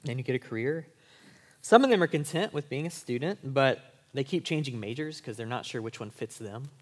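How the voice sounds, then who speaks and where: A man's voice: medium pitch, expressive, a little fast. A man preaching a sermon as a pastor. He talks to college students in a casual, conversational way and often checks in with "right?". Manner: speaks to college students in everyday language.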